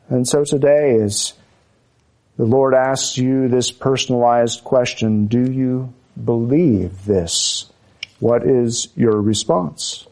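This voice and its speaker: A man preaching a sermon, speaking in a measured, emphatic way and pressing his listeners with repeated rhetorical questions. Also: mid-range voice, a little mellow.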